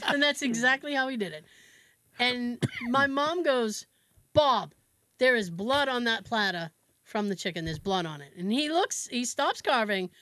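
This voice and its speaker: Lively woman telling a family story. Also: fairly high pitch, dry recording. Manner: animated, acts out family members' voices, laughs often. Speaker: podcast co-host. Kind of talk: casual storytelling chat.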